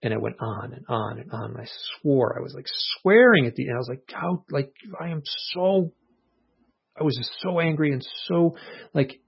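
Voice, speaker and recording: A man with a gravelly, husky edge to his voice talks through a personal story as an interview guest. He is earnest and reflective, acting out his own thoughts in quotes. The audio sounds muffled and low-fidelity. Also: expressive, fairly quick. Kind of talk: casual conversational storytelling.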